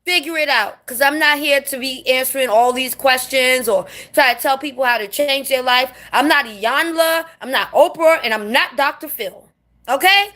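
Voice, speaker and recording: A woman's voice: high-pitched, pushed and bright. A woman vents in a blunt, sassy monologue. She talks straight to her viewers in casual rant mode, dropping curses as she goes. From New York City. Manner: blunt, sassy, swears freely. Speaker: vlogger.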